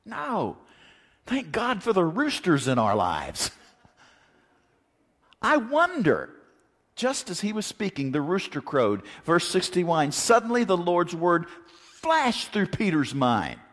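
A man's voice: high voice, slow pace. Guy preaching, voice swings way up and down, big hall echo. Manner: animated, acts out quotes, rhetorical questions. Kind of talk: sermon. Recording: long reverb of a large hall.

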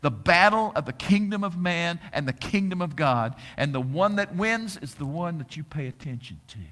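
A man preaching a sermon, reading scripture aloud with dramatic, drawn-out emphasis and rhetorical questions, in a large hall. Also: on the high side, fairly bright tone. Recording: long hall reverb.

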